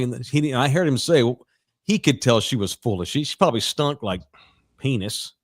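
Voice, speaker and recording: A man's voice: mid-range voice, brisk. A middle-aged man, a podcast co-host, telling a raunchy story in casual chat with lots of laughs.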